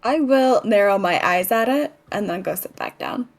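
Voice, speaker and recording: A woman's voice: mid-range voice, lively intonation, normal speed, faint music behind. A woman playing a tabletop game in a laid-back, matter-of-fact way. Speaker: player. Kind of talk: casual tabletop play.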